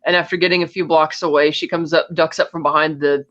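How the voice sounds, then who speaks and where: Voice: medium pitch, level tone, fast, fairly bright tone. A podcast co-host in casual chat, retelling a film's plot scene by scene and acting out the characters' lines. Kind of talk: casual film recap chat. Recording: dull lo-fi audio.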